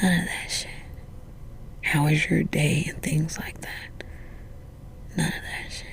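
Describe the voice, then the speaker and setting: A woman giving an emotional spiritual pep talk in a hushed, tender whisper, with casual swearing and a close mic. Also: low voice, vocal fry. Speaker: spiritual vlogger.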